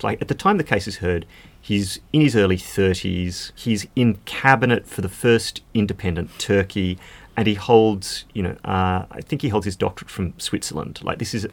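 A man's voice: fairly low pitch, vocal fry. A man speaking as a legal expert guest in a podcast conversation, explaining at length with casual fillers.

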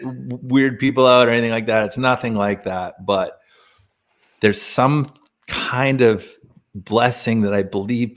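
A man speaking as a podcast guest, telling a personal spiritual story in a casual, earnest way, laughing often and using many fillers. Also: lowish voice.

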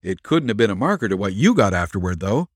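A man voicing an athletic young male assistant who talks in an excited, slangy way. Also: fairly low pitch, fast, no echo, clean studio sound. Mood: eager.

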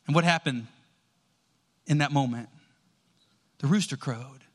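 A man preaching a sermon, telling a Bible story with lively, acted-out dialogue. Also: medium pitch, a little slow, long pauses. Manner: animated storytelling, acts out quoted lines. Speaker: pastor.

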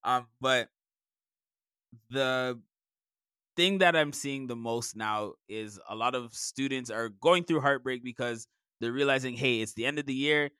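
A man's voice: a little slow, bright, forceful tone, smooth, no room sound, clean studio sound. A young man co-hosting a teacher podcast, telling classroom stories in casual chat. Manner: storytelling, acts out students in a high voice. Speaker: podcast co-host, middle school teacher.

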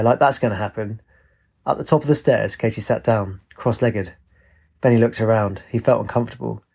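Husky male storyteller. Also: mid-range voice, dark tone. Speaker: narrator. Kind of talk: storybook narration.

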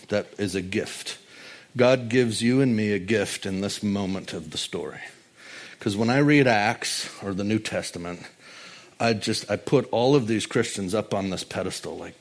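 A male pastor preaching a sermon in a conversational, humorous storytelling manner. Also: medium pitch.

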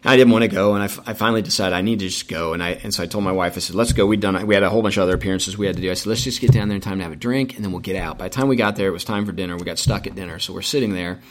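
Middle-aged male guest, low register, fast rambling storyteller, casual interview. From Indiana, United States. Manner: rambling, many restarts and fillers. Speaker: racetrack president, guest.

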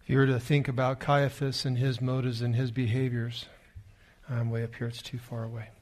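Guy reading the bible lesson in church, measured, mid-pitched voice. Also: flat delivery, a little mellow. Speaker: scripture reader and discussion leader.

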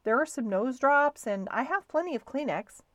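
A woman's voice: high-pitched, expressive, normal speed, no room sound, highs cut off, pitched above the performer's own voice. A woman voicing an earnest, brave little boy mouse who is sick, reading a storybook aloud. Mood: earnest, caring. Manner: earnest, sometimes stern or whispering. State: hoarse with bronchitis, as acted.

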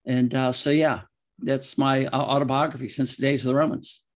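A man's voice: mid-range voice, fairly even intonation, normal speed. A man, a veterinarian and author, answering interview questions casually with rambling, emotional anecdotes and frequent laughter.

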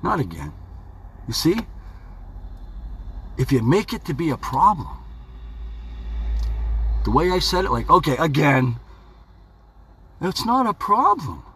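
A man's voice: on the high side, wildly swooping pitch, unhurried, pauses often, a bit bright, slight background noise. A man hosting his own podcast, giving a rambling, folksy motivational talk and chatting to himself playfully. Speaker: podcast host. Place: home studio.

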